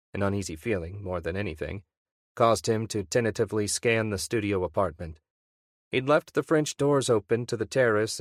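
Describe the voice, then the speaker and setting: Low-voiced man narrating, dry sound. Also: no echo. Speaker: audiobook narrator. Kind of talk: scripted narration.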